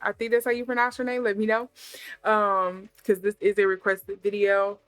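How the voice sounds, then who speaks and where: A woman's voice: medium pitch, flat delivery, moderate pace, clean tone, no room sound. A woman hosting a tarot channel, talking casually to her viewers with chatty, laughing asides and sarcasm. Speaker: tarot reader. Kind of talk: casual chat to camera.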